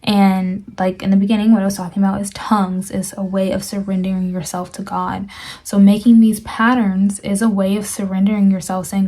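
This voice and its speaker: A woman's voice: mid-range voice, flat delivery, moderate pace, mellow. A young woman sharing a personal Christian testimony in a casual, earnest way, urging listeners with repeated phrases and frequent fillers.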